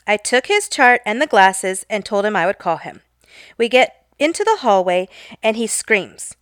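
A woman telling a wry, animated story from her job in an eyewear shop. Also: mid-range voice, a little slow, dry recording, clean studio sound. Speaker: optician telling a work story. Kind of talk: comedic storytelling.

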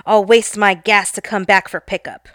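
A woman voicing a rude, furious man in his late eighties who yells and curses. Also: mid-range voice, flat delivery, moderate pace, no echo, studio quality, lightly acted. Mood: furious yelling. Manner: yelling, cursing.

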